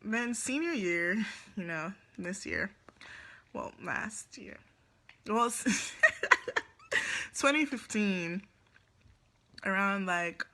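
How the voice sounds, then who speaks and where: A woman's voice: medium pitch, expressive, very slow, pauses often, pushed and bright. A teenage girl from Jamaica with a Jamaican accent, telling a rambling storytime vlog full of fillers and giggles. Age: teens. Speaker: vlogger.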